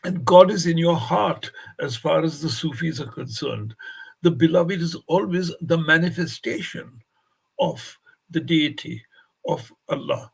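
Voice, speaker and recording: Gravelly, husky older man telling stories. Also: on the high side, unhurried, low-quality recording. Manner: anecdotal storyteller, acts out quoted voices. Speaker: guest poet and translator. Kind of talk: festival stage conversation.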